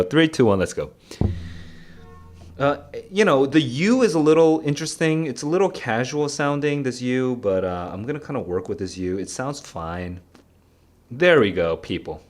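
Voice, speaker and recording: At a medium pitch, a young streamer tutors by solving test questions aloud, mumbling through the reading. Frequent laughter and exclamations of "dude" punctuate his talk.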